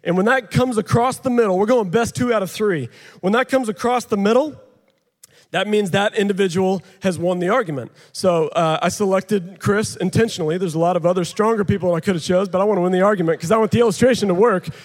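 A man preaching to an audience with a handheld mic, animated and joking, sometimes out of breath. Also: high voice, fast. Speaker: pastor. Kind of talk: sermon with live demonstration. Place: large hall with an audience. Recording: long hall reverb.

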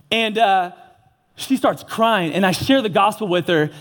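Young man, high voice, earnest casual preaching, slangy sermon. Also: fairly quick, fairly bright tone. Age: young adult.

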